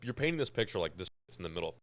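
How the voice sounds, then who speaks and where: Low-voiced young man asking questions. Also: sing-song, rapid-fire, fairly bright tone, dry recording. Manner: reacts with short quips and questions. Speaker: podcast co-host. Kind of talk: casual chat.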